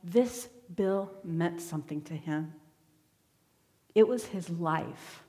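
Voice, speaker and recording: A woman in her forties telling a personal story as a sermon in church, candid and quick with self-deprecating asides. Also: on the low side, warm tone. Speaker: church member giving a sermon. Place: church sanctuary. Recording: long hall reverb.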